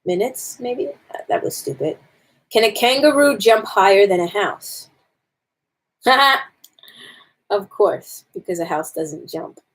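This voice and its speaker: A woman's voice: mid-range voice, lively intonation, slow pace, long pauses. A woman on a casual live stream, reading jokes aloud and commenting on them to her viewers.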